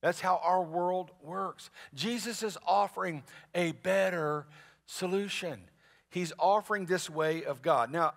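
A man preaching a sermon as pastor, in a conversational, animated way with asides to the congregation. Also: a little high. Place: large church sanctuary. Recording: long reverb of a church hall.

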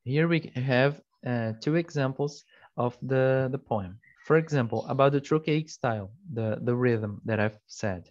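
A man's voice: medium pitch, normal speed, darkish tone, dull audio. A young man whose first language is Portuguese, giving a class presentation in an explanatory way, often correcting himself. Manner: explanatory, with fillers and self-corrections. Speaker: student presenter.

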